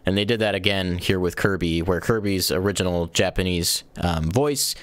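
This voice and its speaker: A young adult man hosting a casual podcast, telling stories in an animated, rambling way and laughing often. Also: low-pitched, moderate pace, no room sound. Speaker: podcast host.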